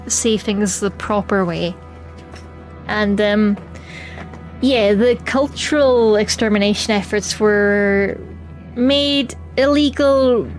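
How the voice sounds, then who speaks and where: A woman with a Scottish Highlands accent touched by the Western Isles, chatting casually with her chat while gaming and laughing easily. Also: a little mellow. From Scotland. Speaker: streamer.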